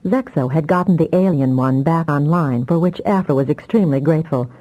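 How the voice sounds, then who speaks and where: Dark-voiced woman reading an audiobook. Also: low-pitched, a little fast, faint music behind, poor audio. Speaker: audiobook narrator. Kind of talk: scripted narration.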